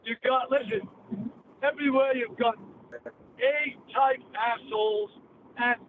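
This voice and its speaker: Over a tinny phone line carrying faint noise, an older man from England rants bluntly and with plenty of profanity as a call-in guest. His voice is extremely high-pitched, and he takes it slowly.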